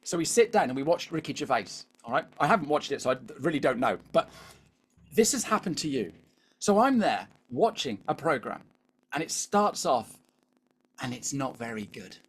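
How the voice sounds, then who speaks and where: A man's voice: mid-range voice, very animated, normal speed, a bit bright, husky. Chatty British man coaching a webinar. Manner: chatty, keeps asking the audience "all right?". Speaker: LinkedIn coach. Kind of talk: live webinar coaching talk.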